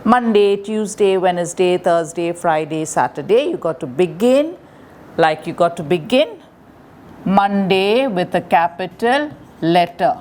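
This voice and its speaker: Slow, patient woman teaching grammar. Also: fairly low pitch, lively intonation, a little mellow, slight background noise. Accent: Indian English. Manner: patient, repeats rules step by step. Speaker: primary school English teacher. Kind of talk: slow classroom grammar lesson.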